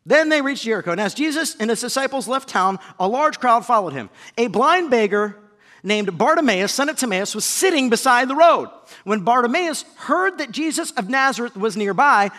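A high-voiced male pastor preaching a sermon, with a very animated, swooping delivery. He acts out shouted voices and sinks into a hushed low tone. His bright voice carries a long reverb from a large hall. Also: fairly quick.

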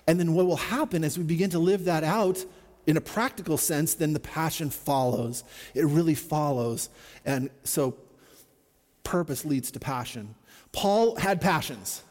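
A man's voice: on the high side, measured pace, a little mellow, in a large hall. A middle-aged man preaching a sermon as a pastor, in an earnest, conversational way with repeated refrains.

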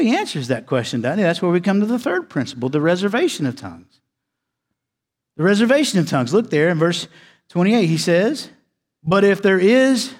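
A man preaching a sermon as pastor, emphatic and repeating key words, sometimes dropping to quiet low tones for stress. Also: long reverb tail.

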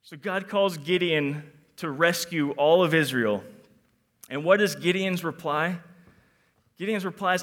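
A man preaching a sermon to young people, animated, acting out quotes and moving between loud emphasis and quiet reflection. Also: a little high, a little slow, pauses often. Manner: animated, acts out quotes in different voices.

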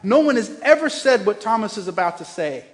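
Pastor, male, high voice; earnest and gentle sermon, pausing often, with a long church reverb. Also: sing-song. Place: church sanctuary.

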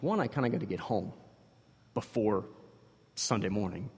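A man in his thirties telling a personal story to an audience, animated and acting out the dialogue. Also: lowish voice, moderate pace, pauses often, husky. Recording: long reverb of a large hall.

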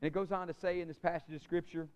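A man delivers a sermon from the pulpit, his voice sitting high for a man. He presses hard on key lines, then sinks to a near-whisper. The recording is dull and lo-fi, with a muffled top end. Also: steady tone, rapid-fire, smooth. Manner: impassioned preaching, swinging from loud emphasis to soft near-whisper. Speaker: pastor.

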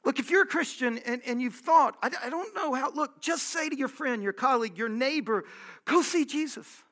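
A pastor preaching a sermon, earnest and conversational, repeating phrases for emphasis. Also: male voice, very high voice, a little fast, a bit bright.

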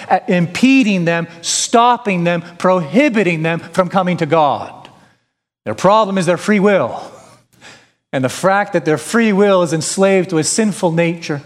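A male pastor preaching a sermon, emphatic, with rhetorical questions and repetition. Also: sits high. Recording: long hall reverb.

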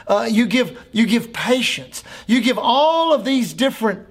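A man's voice: very high-pitched, very animated, measured pace. A man, a pastor, preaching a sermon in a church with an emphatic, repetitive cadence.

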